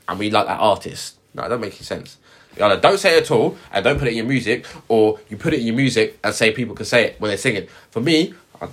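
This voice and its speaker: A man's voice: fairly low pitch, husky. A man co-hosting a podcast, telling stories in casual chat with lots of slang. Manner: animated storytelling with slang. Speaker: podcast co-host.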